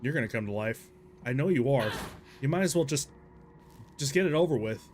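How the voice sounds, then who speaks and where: A man live-streaming a horror game, chatting in a rambling, self-deprecating way and breaking into yelling and swearing at the game. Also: medium pitch, expressive, a little fast, slight background noise. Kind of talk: casual live gameplay commentary.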